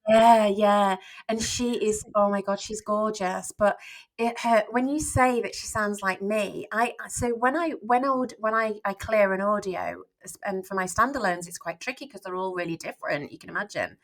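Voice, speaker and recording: A woman's voice: mid-range voice, moderate pace, rough recording. Chatty Northern English woman. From England. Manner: chatty, with frequent restarts and laughter. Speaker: author guest. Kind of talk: casual podcast chat.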